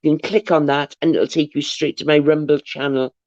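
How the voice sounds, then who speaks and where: Her voice is deep and slightly dark, brisk, with fairly even intonation, coming through dry, close, dull, and lo-fi. As host of a casual livestream, she reads viewer comments aloud, thanks people, and drifts into anecdotes, rambling chattily and tripping over words as she restarts sentences.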